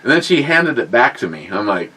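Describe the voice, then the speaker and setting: A man's voice: mid-range voice, big pitch swings, brisk, very noisy. A middle-aged man telling crude, rambling, self-mocking stories on a casual podcast. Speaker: podcast co-host. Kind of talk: casual storytelling chat.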